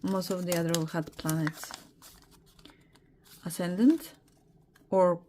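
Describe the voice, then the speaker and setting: A woman's voice: lowish voice, slow pace, mellow, a little hiss or hum. A young adult woman giving a casual tarot reading, talking hesitantly with many fillers and apologies. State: emotional, teary. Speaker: tarot reader.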